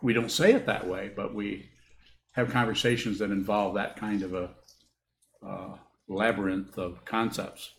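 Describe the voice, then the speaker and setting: Male Buddhist teacher, thoughtful and halting, live hall recording with echo. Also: lowish voice, fairly even intonation, gravelly. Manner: halting, thoughtful, repeats words as he rethinks. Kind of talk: dharma talk answering questions. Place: meditation hall with a group. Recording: echoey room with faint hiss.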